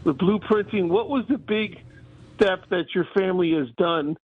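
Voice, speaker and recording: A man calling in to a radio show, asking a question in a halting way with many restarts, heard over the phone. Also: sits high, breathy edge. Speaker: caller. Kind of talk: call-in question. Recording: tinny phone line.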